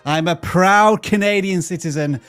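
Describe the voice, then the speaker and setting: A man's voice: high voice, normal speed, a bit bright, clear, resonant tone, no room sound, faint music behind. Jokey Yorkshire man hosting a stream. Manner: hammy, playing up Yorkshire slang. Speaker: live stream host. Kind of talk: playful live stream hosting.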